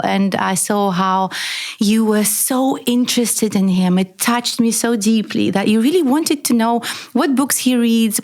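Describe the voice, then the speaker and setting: A woman's voice: fairly high pitch, darkish tone. A woman hosting an interview, speaking earnestly with many hesitations and fillers. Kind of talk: interview chat.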